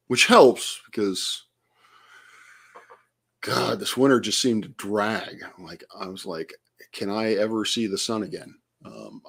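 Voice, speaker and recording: Speaking from home on a relaxed late-night stream, a man with a lowish voice chats with viewers by name. His talk wanders and falters, packed with filler words.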